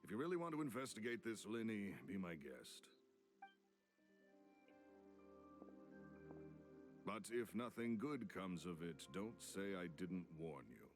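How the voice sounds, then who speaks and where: An actor playing a gruff, hard-nosed businessman in a game cutscene, with a deep booming voice and a curt, threatening way of talking. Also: big pitch swings, moderate pace, over music. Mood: dismissive.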